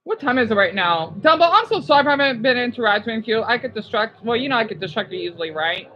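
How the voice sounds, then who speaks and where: A woman's voice: on the high side, expressive, quick pace, dull audio. A woman live-streaming her reaction, gushing and exclaiming, easily distracted, who swears casually and then apologizes. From United States.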